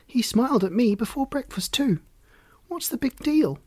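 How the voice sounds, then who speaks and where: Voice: medium pitch, lively intonation, moderate pace, mellow, pitched above the performer's own voice, natural voice. A storybook reader voicing Rosie, a blunt city girl who talks in a dry, scornful way. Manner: dry, matter-of-fact, scornful.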